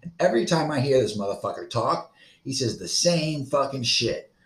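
A man's voice: medium pitch, animated, normal speed, a bit bright, reverberant. A man in his thirties from Florida, hosting a solo podcast in a profane, rambling, agitated rant. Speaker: podcast host.

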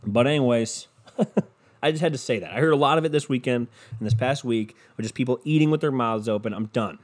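A man's voice: mid-range voice, brisk. A man host delivering a profane, exasperated ranting monologue, repeating his points for emphasis and throwing crude insults.

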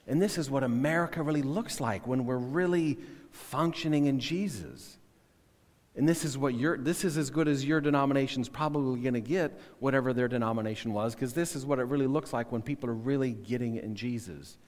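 Male pastor, earnest halting sermon delivery, mid-pitched, long church reverb. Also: darkish tone. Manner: earnest, halting, repeats words.

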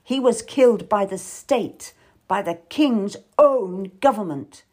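A woman's voice: on the high side, sing-song, takes it slowly, a little mellow, slightly rough, voice pushed up, full character voice. A woman voicing a worldly, tough middle-aged lady courtier who speaks wistfully and with sudden bitterness, for an audiobook. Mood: bitter. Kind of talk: audiobook character voice.

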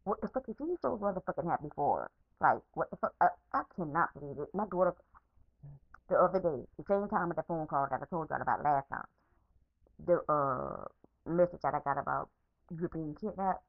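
A woman with a somewhat low voice vents in a heated, unscripted rant, swearing freely and circling back over the same words. It is a phone voice message with a dull, lo-fi sound. The room is dry, with no echo. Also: lively intonation, a little fast, gravelly. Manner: profane, repetitive, heated. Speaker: podcaster.

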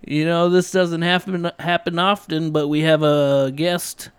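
A man's voice: on the high side, little pitch movement, a little slow, clear, resonant tone, no echo. A man hosting a podcast in casual chat, joking and playful, laughing often. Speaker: podcast host.

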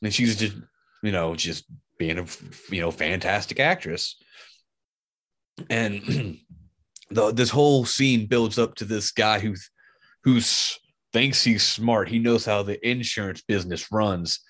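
A man's voice: on the low side, slow pace, a bit bright. A man in a casual podcast chat, rambling through a retelling of a film scene and acting out the quotes.

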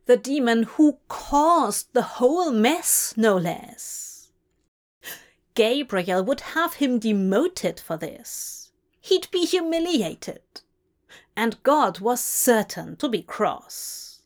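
A woman reading a story aloud in a gentle, unhurried storytelling voice. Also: on the high side, very animated. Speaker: reader. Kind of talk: audiobook-style fan fiction reading.

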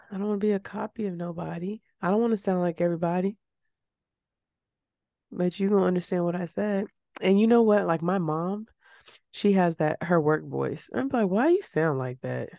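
A woman co-hosting a podcast in casual chat, animated and emphatic, her voice leaping up when she makes a point. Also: mid-range voice, normal speed, gravelly, pauses often, no echo. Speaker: podcast co-host.

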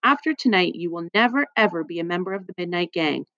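A woman's voice: on the low side, lively intonation, quick pace, a bit bright, dry recording, lo-fi sound. A woman voicing a grumpy, bossy young boy in an audiobook, speaking curtly. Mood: firm. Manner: curt and snappish.

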